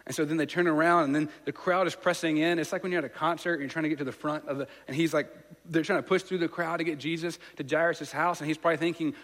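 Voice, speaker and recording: A pastor giving a sermon, retelling a story in a casual, conversational way and asking listeners to imagine the scene. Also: male voice, on the high side, fairly even intonation, fast, hardly any pauses, fairly bright tone. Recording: long reverb of a large hall.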